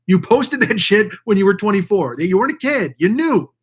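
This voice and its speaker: A man's voice: high-pitched, very animated, brisk, slightly rough. A man hosting his own show, ranting in a profane, rambling, mocking way. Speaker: podcast host. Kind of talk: casual ranting monologue.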